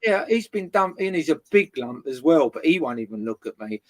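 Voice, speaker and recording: A guest tells a long neighbour feud story in casual chat. The voice sits in a middle register. The delivery is loud and lively, with constant swearing. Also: medium pitch, fairly quick, a crowd in the background. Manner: swears constantly, animated retelling.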